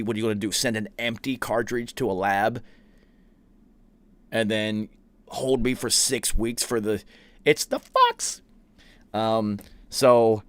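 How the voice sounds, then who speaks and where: A man's voice: fairly low pitch, no room sound. Laid-back, profane man telling a story, dry close sound. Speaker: podcast host. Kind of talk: casual storytelling chat.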